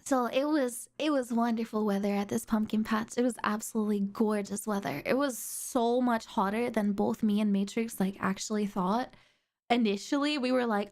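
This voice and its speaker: A woman's voice: on the high side, normal speed, a little mellow. A young woman from the Netherlands, a streamer chatting casually in a bubbly, giggly, slangy way. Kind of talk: casual chat.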